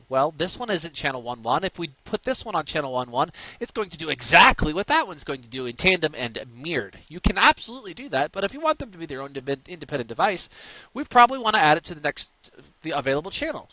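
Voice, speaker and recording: Energetic man explaining a software setup. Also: on the high side, no room sound, dull audio. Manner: energetic, punchy step-by-step instructions. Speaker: tutorial host. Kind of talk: screen-recorded software tutorial.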